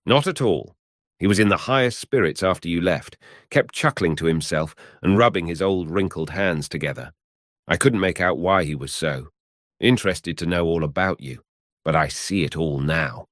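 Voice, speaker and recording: A man's voice: sits low, moderate pace, no echo, clean studio sound, natural voice. A man voicing a jovial painter friend in a storybook reading, speaking in an amused, hearty way.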